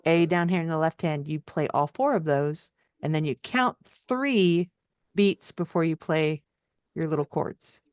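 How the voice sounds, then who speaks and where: A woman's voice: low voice, clear, resonant tone, no room sound. A woman teaching piano, giving friendly feedback and singing phrases out in syllables to show how they go. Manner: encouraging, sings melodies out in syllables. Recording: dry, dull lo-fi sound.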